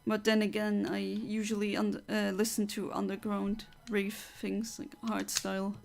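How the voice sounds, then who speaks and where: A woman's voice: mid-range voice, monotone, a little slow, creaky, soft background music. A woman from Luxembourg, chatting casually as a streamer and reading out viewer comments, reflective with frequent fillers and restarts.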